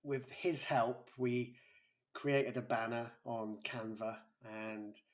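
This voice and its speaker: A man in his forties, a guest on an interview, telling a personal story in a halting way with many restarts. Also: mid-range voice, steady tone. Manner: halting, with frequent restarts and a breaking voice. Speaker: interview guest, YouTuber and school pastoral lead.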